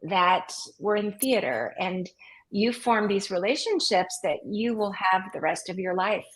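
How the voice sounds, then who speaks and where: Her voice is medium-pitched and measured in pace, captured on a low-quality recording. She's a middle-aged opera singer and music teacher chatting casually as an interview guest, an animated storyteller who acts out what kids say in their voices.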